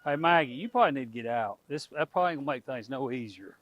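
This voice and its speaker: A man's voice: mid-range voice, expressive, fast, dull audio, a little hiss or hum. A middle-aged man, chatting casually to his viewers and animals outdoors on a farm. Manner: folksy, talks to animals and viewers. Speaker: homestead vlogger.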